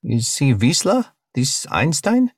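Man doing a big blue alien, earnest, broken grammar, higher voice, slow and careful. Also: big pitch swings, husky, dry recording, clean studio sound, full character voice.

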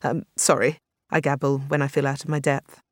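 A woman's voice: very deep voice, level tone, normal speed, no echo, clean studio sound. A reader voicing a nervous woman astronomer who gabbles when she is out of her depth. She talks in eager, breathless, self-deprecating bursts. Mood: gabbling. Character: nervous, chatty woman astronomer visiting the moon.

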